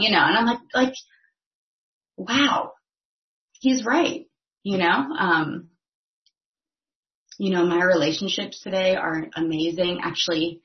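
A woman's voice: mid-range voice, measured pace, long pauses. A woman giving a personal testimony at a recovery meeting, talking casually with many fillers. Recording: echoey, slightly dull recording.

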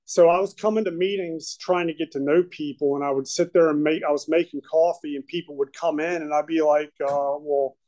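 A man sharing his recovery story at a meeting, talking haltingly with many fillers and restarts. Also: fairly high pitch, fairly even intonation, mellow, rough recording. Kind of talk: personal testimony at a recovery meeting.

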